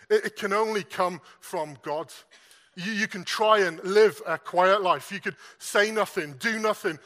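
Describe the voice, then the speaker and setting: A man's voice: high voice, sharp tone. A man preaching a morning sermon, earnest, often repeating words and asking his listeners questions.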